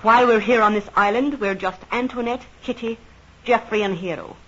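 A woman's voice: on the high side, fairly quick, a bit bright, breathy edge. A jealous, devoted tavern girl; old radio play, muffled recording. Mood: defensive. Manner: fierce, jealous, emotional. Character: devoted young woman Kitty, tavern girl. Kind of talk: old radio drama acting.

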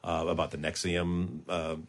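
A middle-aged man chatting as a guest, enthusiastic and quick to laugh, with tumbling restarts. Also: sits low, flat delivery. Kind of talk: casual chat.

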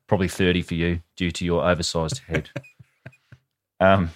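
A man's voice: low voice, steady tone, unhurried. A man with an Australian accent, telling a grim story with sweary, wry asides in a casual podcast chat. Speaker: podcast co-host.

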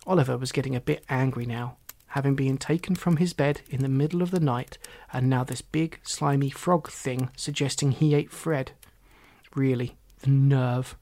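A man narrating a children's storybook in an even, unhurried way. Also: mid-range voice.

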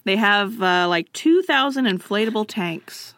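A woman's voice: medium pitch, expressive, a bit bright, no room sound. Joking woman telling a story to a friend. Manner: quick, joking, drops into silly voices. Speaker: podcast co-host telling a history story. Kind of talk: casual storytelling chat.

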